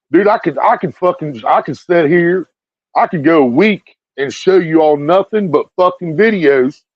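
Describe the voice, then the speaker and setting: A man's voice: sits high, no echo. Heated, swearing man on a dull lo-fi mic. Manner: blunt, heated, repeats himself with lots of swearing. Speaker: video streamer. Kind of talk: profane ranting commentary to viewers. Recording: dull lo-fi dry recording.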